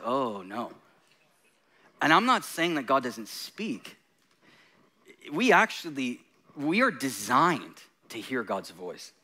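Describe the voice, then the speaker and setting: Man preaching, bright voice, fairly high, jokey asides, laughs as he talks. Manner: jokey, self-deprecating asides between intense points; laughing often while talking. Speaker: guest preacher. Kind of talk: sermon.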